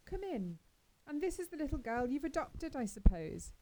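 A woman's voice: sits high, sing-song, normal speed, warm tone, voice pushed up, poor audio. A woman voicing a strict, proper middle-aged mother who is cordial but firm.

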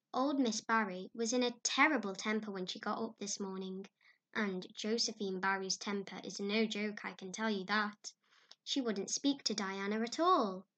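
A woman's voice: medium pitch, fairly bright tone, close to an everyday voice. A woman reading a storybook, voicing a stern, gossipy older neighbour woman who speaks severely with a hint of amusement.

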